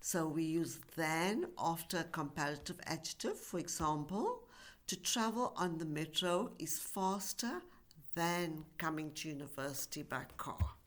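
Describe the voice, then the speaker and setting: A woman's voice: sits low, sing-song, unhurried. A woman teaching English grammar in a recorded lesson, speaking carefully and stretching out example words. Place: university e-learning course.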